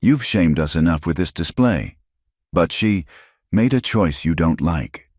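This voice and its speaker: A man's voice: low-pitched, expressive, unhurried, darkish tone, dry recording, studio quality. A man voicing a stern frontier woman who speaks sharply and scolds.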